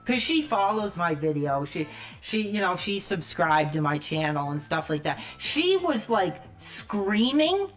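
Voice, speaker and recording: A man ranting angrily on a livestream, profane and shouting at times. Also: high voice, big pitch swings, unhurried, faint music behind. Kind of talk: angry livestream rant.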